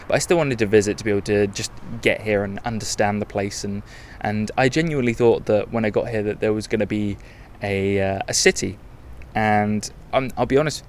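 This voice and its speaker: Young guy, podcast host, low-ish voice, candid and rambling, faint ambience behind. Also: a little hiss or hum. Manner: rambling, candid, self-correcting. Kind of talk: casual travel podcast monologue.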